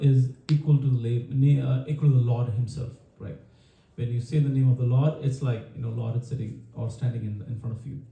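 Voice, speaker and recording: A man's voice: medium pitch, mellow. A man leading a home devotional program, telling a story with many fillers and restarts. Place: home gathering room. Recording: echoey room, voice from far off.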